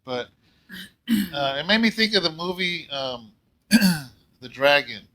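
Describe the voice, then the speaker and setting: A man pastoring a church, telling a story in a casual, rambling way and often clearing his throat. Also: on the high side, animated, slow, sharp tone, low-quality recording. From California. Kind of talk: casual Bible talk.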